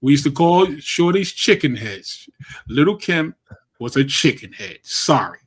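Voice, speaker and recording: A man's voice: on the high side, very animated, unhurried, breathy edge. A man from Brooklyn hosting a podcast, talking bluntly in casual gossip and laughing at his own takes. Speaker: podcast host. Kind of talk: casual chat.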